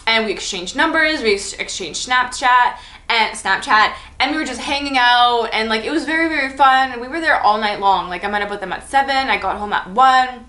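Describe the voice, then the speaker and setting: A woman's voice: on the high side, fairly quick, bright, forceful tone. Chatty young woman in an echoey room. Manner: chatty, enthusiastic, heavy use of "like". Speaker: vlogger. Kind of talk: casual storytime vlog. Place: room at home.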